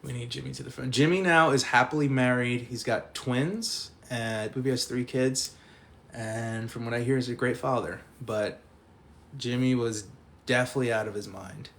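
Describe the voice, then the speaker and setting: A young man telling a long college story to a live stream chat, animated and profane, laughing as he goes. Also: mid-range voice, moderate pace, vocal fry.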